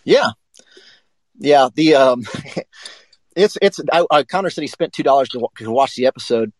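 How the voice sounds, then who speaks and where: A man co-hosting a live sports talk show, telling a rambling, profane story in a casual, animated way. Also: medium pitch, normal speed, no room sound, low-quality recording.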